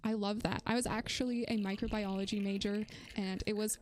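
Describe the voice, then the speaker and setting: A woman's voice: medium pitch, fairly even intonation, brisk. A young woman streaming from a room at home, chatting in a bubbly, giggly way with her viewers. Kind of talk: casual live-stream chat.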